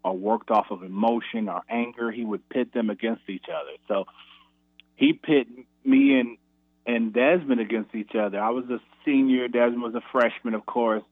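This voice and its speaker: Guy calling into sports radio telling a hoops story, gets loud doing the quotes, tinny phone sound, dry. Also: mid-range voice, moderate pace, dry recording. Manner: animated storyteller, acts out quotes in a raised voice. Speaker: former college basketball player, guest.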